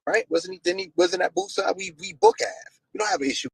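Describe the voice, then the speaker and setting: A man's voice: very high voice, wildly swooping pitch, fast, creaky, no room sound, low-quality recording. A man speaking as a guest in a casual interview, explaining at length with many fillers and restarts.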